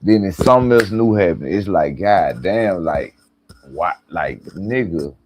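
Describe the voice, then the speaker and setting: A man hosting a live reaction stream, talking to viewers in relaxed slang. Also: sits low, measured pace, a little hiss or hum. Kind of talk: casual live-stream talk.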